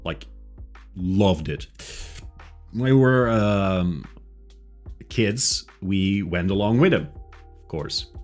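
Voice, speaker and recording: Slow-talking man, low voice. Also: expressive, soft background music. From Flanders, Belgium. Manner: rambling, self-mocking, laughs often. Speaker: livestreamer. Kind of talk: casual chat.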